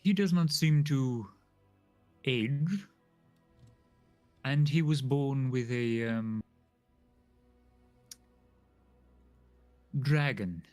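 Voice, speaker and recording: A man voicing a formal, secretive male dwarf noble who speaks in a measured, hesitant way. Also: mid-range voice, darkish tone, soft background music, lightly acted. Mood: confiding. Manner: formal, hesitant, fills pauses with "um".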